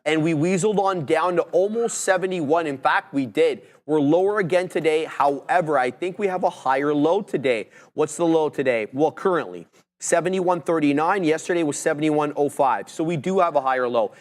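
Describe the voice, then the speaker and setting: A man co-hosting a live trading show, mixing friendly banter with quick stock figures and price talk. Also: on the high side. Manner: chatty, brotherly banter mixed with stock figures. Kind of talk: casual live market chat.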